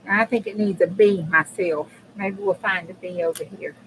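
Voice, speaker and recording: A woman's voice: lowish voice, steady tone, moderate pace, a bit bright, a little hiss or hum, low-quality recording. A woman hosting a casual live crafting chat, chatty and blunt, swearing freely and talking straight to her viewers. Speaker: crafting channel host.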